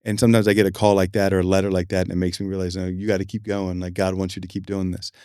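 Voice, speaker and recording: A man hosting a podcast in a studio, chatting casually and telling stories with lively acted-out quotes. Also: low-pitched, very fast, clean tone, no room sound. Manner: animated storyteller, acts out quotes. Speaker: podcast host. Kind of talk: casual chat.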